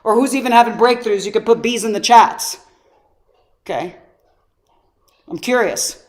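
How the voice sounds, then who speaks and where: Brief: woman coach, higher voice, lively storyteller teaching online. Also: measured pace. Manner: animated storytelling, rhetorical questions. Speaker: personal development coach.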